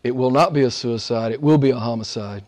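A man's voice: medium pitch, fast, a little mellow. A male pastor preaching a sermon in an emphatic, conversational way, speaking directly to his congregation.

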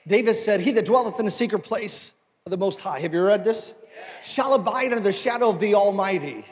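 A male pastor preaching a sermon, moving from conversational talk to forceful exhortation. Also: high voice, fairly quick, in a large hall.

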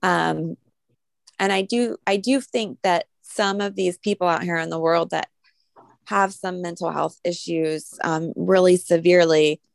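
A woman's voice: on the low side, fairly even intonation, a little slow, creaky, no room sound. A woman co-hosting a spiritual podcast, explaining an exercise in a rambling, casual way with many fillers. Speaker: podcast co-host.

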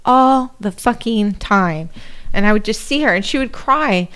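A woman's voice: medium pitch, expressive, measured pace, a bit bright, smooth. A woman in her forties co-hosting a casual chat podcast, rambling and swearing freely, her voice dried up from allergy medicine. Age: 40s. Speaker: podcast co-host.

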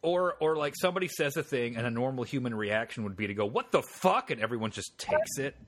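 A man's voice: mid-range voice, fast. A man co-hosting a podcast, chatting casually through a film recap and acting out quoted lines in funny voices. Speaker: podcast co-host. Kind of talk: casual film review chat.

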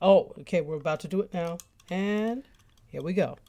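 A woman co-hosting a TV review podcast in casual chat, playful and teasing, quick to giggle. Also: on the low side, mellow, no echo, studio quality.

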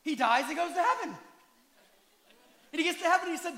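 A male pastor preaching a passionate sermon, at times rising to shouts and talking directly to the congregation. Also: extremely high pitch, lively intonation, fairly quick, roomy sound.

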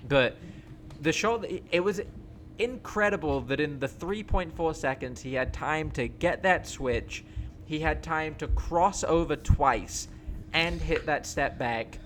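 A man in casual sports chat, talking in an excited, rambling way with many fillers. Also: a little high, slow pace, slight background noise.

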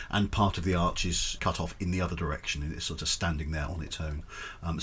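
A man's voice: low voice, a bit bright, a little hiss or hum. A man narrating as game master of a tabletop game, rambling with ums and self-corrections.

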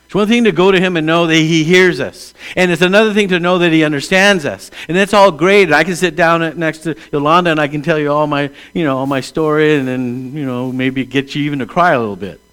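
A man in his sixties, a pastor, preaching a conversational sermon that moves between hushed asides and emphatic calls. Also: on the high side, fast, few pauses, smooth. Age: 60s.

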